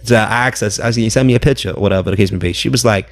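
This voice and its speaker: A man's voice: lowish voice, very fast. A man, a podcast guest in casual chat, rambling through a long story and quoting people in his own voice.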